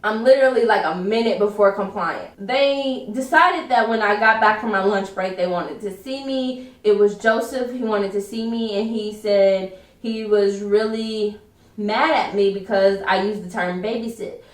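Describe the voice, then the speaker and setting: A woman's voice: mid-range voice, normal speed. Chatty woman in a roomy room. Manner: chatty retelling full of "like". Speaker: vlogger. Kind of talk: storytime vlog. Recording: roomy, distant from mic.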